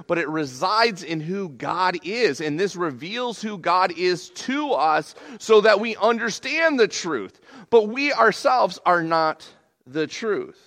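A man preaching a sermon in a conversational, animated way, often restarting his sentences. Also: sits high. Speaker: pastor.

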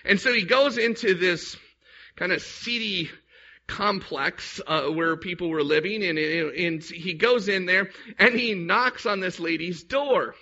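A man's voice: high voice, measured pace, bright, forceful tone. A man preaching a sermon as a pastor, emphatic and storytelling, with rhetorical questions to the congregation. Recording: dull lo-fi recording.

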